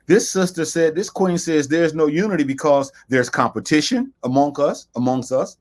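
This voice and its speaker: A man's voice: a little high, moderate pace. A man hosting a talk broadcast, speaking emphatically in a preaching style, quoting sayings and repeating phrases for stress. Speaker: host.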